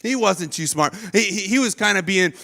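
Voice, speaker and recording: A male pastor preaching a sermon in a church, animated and acting out the voices of people in the story. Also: sits high, normal speed, vocal fry. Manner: animated, acts out quoted voices of biblical figures. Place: church stage.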